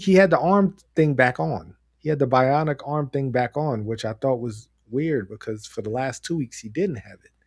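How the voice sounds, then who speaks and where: A man co-hosting a podcast, talking casually and excitedly, rambling with frequent laughs. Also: mid-range voice, no room sound, studio quality. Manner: animated, rambling, laughs often. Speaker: podcast co-host. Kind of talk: casual wrestling chat.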